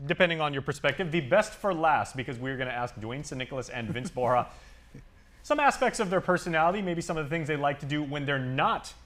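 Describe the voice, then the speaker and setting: A man hosting a live TV talk show in a studio, asking quick joking questions of his guests. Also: a little high, lively intonation, fairly bright tone. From Guam. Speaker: host.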